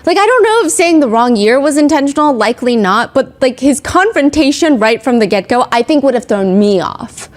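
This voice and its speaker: A woman hosting a podcast, giving casual commentary on a courtroom trial, chatty and animated, filling her talk with "like". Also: sits high, brisk, hardly any pauses. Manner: chatty, heavy use of "like"; animated, emphatic retelling. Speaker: podcast host. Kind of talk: casual true-crime commentary.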